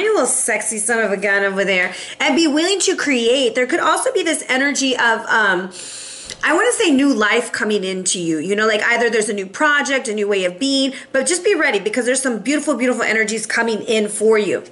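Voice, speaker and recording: A woman giving a casual, playful tarot reading to her viewers, chatting and giving shout-outs. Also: fairly high pitch, animated, a little fast. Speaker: tarot reader.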